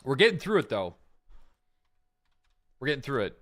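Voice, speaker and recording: A man chatting casually while he streams a game, mid-pitched and unhurried. He thinks out loud, trailing off and circling back with lots of fillers. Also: big pitch swings. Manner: rambling, thinking aloud with many fillers. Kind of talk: casual live-stream gameplay chat.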